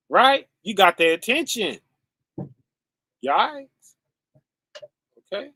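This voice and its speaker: A man with a high, bright voice gives a casual streamed sermon at an unhurried pace, talking straight to his listeners as "y'all". The sound is dry and close, with no room around it. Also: expressive, no echo. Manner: conversational, often ending with "right?" and "okay?"; addresses listeners as "y'all" and "fam". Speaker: streaming preacher.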